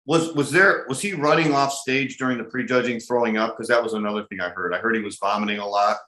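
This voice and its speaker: A man's voice: medium pitch, fast talker, sharp tone, reverberant, low-quality recording. A man hosting a podcast, asking follow-up questions and cutting in briefly to clarify. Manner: short affirmations, interjects follow-up questions. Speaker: podcast host, interviewer. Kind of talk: interview questions.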